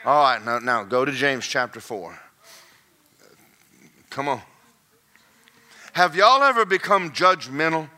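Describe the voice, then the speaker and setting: A male pastor preaching a sermon, swinging from folksy joking asides to shouted, singsong climaxes. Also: mid-range voice, expressive, slow pace, pauses often.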